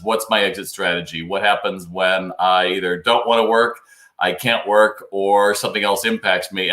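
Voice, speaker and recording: A man's voice: fairly low pitch, fairly bright tone, echoey room. Chatty male retail advice host. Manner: chatty and advisory, reads out viewer comments. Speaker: host of a live retail Q&A stream. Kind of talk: casual live-stream talk, answering viewer questions. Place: home studio, New York.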